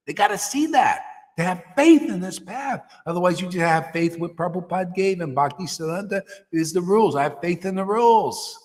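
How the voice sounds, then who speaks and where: A man's voice: sits high, lively intonation, moderate pace. A man giving a devotional sermon as a spiritual teacher, exhorting and colloquial. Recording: reverberant hall.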